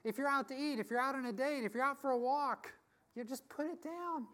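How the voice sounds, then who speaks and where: A woman's voice: high-pitched, fairly quick, fairly bright tone. A middle-aged woman pastor giving a casual, story-filled sermon, repeating phrases and laughing easily as she talks.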